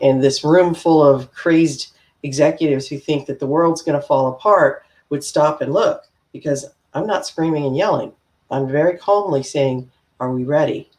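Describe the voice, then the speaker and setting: A middle-aged woman sharing personal stories in a casual panel discussion, speaking in a calm, reflective way. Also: low-pitched. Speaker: panel guest.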